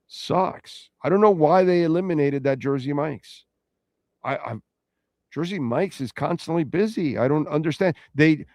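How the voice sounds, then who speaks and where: A middle-aged man hosts a sports talk show in a loose, rambling way, reacting to listener comments as he goes. His voice sits at an ordinary pitch for a man. The recording is close and dry, with no room sound. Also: a little mellow, no room sound. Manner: rambling, conversational, reacting to chat. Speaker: sports radio host.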